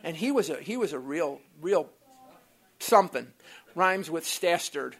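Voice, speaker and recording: Blunt, animated workshop speaker. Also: mid-range voice, unhurried, gravelly. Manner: animated, blunt, with mild swearing and asides. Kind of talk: personal storytelling talk to a live group. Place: meeting room.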